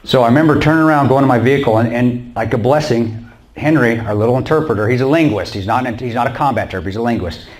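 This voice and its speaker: A man giving a storytelling talk to an audience in a church. He is animated, acts out the dialogue and laughs often. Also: mid-range voice, fast talker. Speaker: guest speaker.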